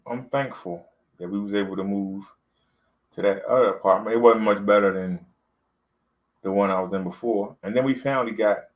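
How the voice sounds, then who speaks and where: A man's voice: on the low side, low-quality recording. A man, talking to camera in a loose, rambling vlog, full of fillers and repeats. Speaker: vlogger. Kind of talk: casual talk to camera.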